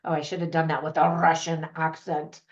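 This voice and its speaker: A woman's voice: sits low, flat delivery, brisk. A woman hosting her own movie review channel, chatting to camera with opinionated, laughing asides. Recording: slightly dull lo-fi audio.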